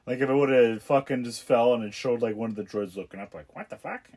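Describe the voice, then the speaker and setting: A man's voice: mid-range voice, a little fast, a little mellow. A young man hosting a casual movie commentary, profane and mocking, laughing at what he watches. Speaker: podcast host.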